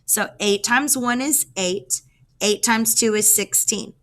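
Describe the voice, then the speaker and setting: A woman's voice: fairly high pitch, slow, a bit bright. A woman teacher explaining a math lesson step by step, counting aloud as she works.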